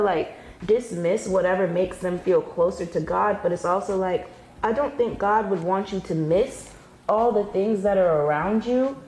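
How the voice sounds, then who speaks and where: A woman's voice: mid-range voice, darkish tone, reverberant, rough recording. A woman speaking candidly and wryly in a conversation, laughing at her own jokes. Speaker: guest in a discussion video. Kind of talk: conversational commentary.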